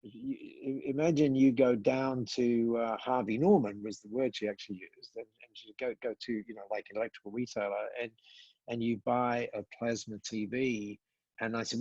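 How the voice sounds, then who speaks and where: An older man, a podcast guest, telling a story in conversation, acting out the dialogue with many pauses and repeats. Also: medium pitch, steady tone, a little mellow, slightly rough, dry recording, dull audio.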